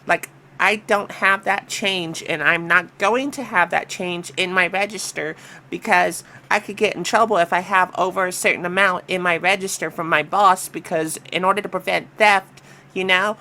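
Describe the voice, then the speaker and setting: A woman co-hosting a casual reaction chat, conversational and quick to agree and riff on the stories. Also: lowish voice, fairly even intonation, pushed and bright, a little hiss or hum.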